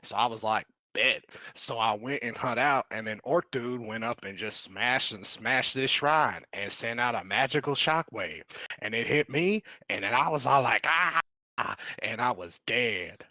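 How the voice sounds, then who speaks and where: Guy doing a cocky goblin sorcerer, slangy and cussing, bright punchy voice, low, dry mic. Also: normal speed, dry recording, close to an everyday voice. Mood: brash. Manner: street slang, cussing, rambling storytelling. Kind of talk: tabletop role-play.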